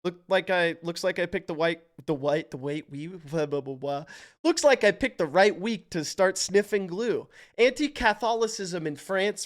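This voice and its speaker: A man from Canada streaming live, thinking out loud while he guesses, hyped up and swearing freely. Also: a little high. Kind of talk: casual live-stream commentary.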